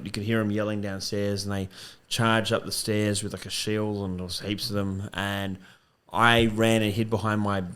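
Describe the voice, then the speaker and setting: Bright-voiced swearing man. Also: lowish voice. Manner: swears freely, laughs through stories. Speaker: podcast guest. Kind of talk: casual storytelling.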